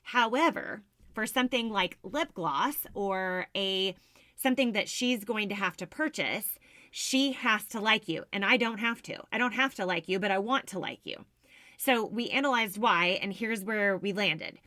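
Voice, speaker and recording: A woman's voice: medium pitch, normal speed, bright, forceful tone, no room sound. A woman hosting a solo business podcast, explaining sales ideas in an upbeat, teacherly way. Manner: upbeat explanatory, self-described business nerd. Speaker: podcast host, sales coach.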